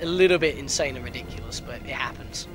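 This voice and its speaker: A man narrating his gameplay in a chatty, excitable way with sudden outbursts. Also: mid-range voice, quick pace, music in the background. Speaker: let's player. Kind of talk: gameplay commentary.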